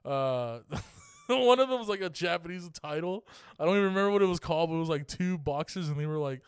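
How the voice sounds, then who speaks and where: A man's voice: a little high, lively intonation, fast talker, smooth, dry recording. A young man from California co-hosting a podcast, telling a rambling, profane story in casual chat. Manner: profane, rambling, laughing as he talks. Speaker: podcast co-host.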